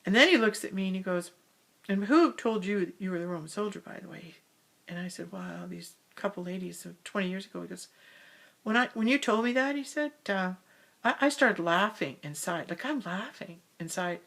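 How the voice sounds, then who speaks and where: A woman telling a personal spiritual story in a casual monologue, recorded in the hall of her house, sometimes dropping to a soft whisper. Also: medium pitch, animated, fairly quick, gravelly. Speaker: spiritual speaker.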